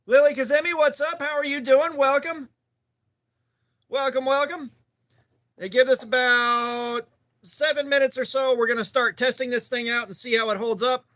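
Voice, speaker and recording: A man's voice: extremely high pitch, steady tone, normal speed, bright, forceful tone. A man hosting a laid-back live stream, greeting chat viewers by name. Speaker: livestream host.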